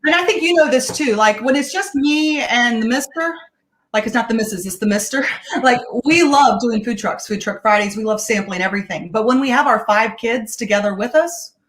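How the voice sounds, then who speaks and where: A woman's voice: a little high, lively intonation, brisk, a bit bright. A middle-aged woman, chatty and upbeat, who laughs often as she demonstrates a meal in a home kitchen. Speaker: guest home cook sharing meal tips. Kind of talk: casual live-stream cooking demo.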